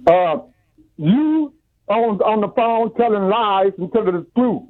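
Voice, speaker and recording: A man's voice: sits high, expressive, unhurried, no room sound. A man calling into a radio show, angry and repeating himself, muffled over a phone line. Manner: angry, repetitive. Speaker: caller.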